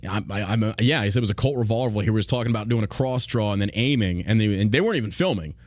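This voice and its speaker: A man's voice: on the low side, animated, racing, dry recording, studio quality. A man hosting a podcast, talking bluntly and profanely in a mocking, opinionated rant. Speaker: podcast host.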